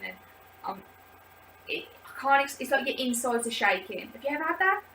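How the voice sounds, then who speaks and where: A woman's voice: on the high side, fairly bright tone. Chatty woman in an echoey room. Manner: chatty and rambling, many "like" fillers. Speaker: vlogger leading a support group video. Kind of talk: casual personal talk to camera. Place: indoors, seated. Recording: roomy echo, distant from mic, faint background noise.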